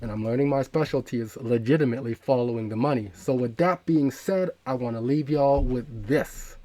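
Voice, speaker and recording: A man hosting a crypto talk show, explaining in a steady, methodical way and walking through long lists. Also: mid-range voice, a little fast. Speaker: crypto channel host.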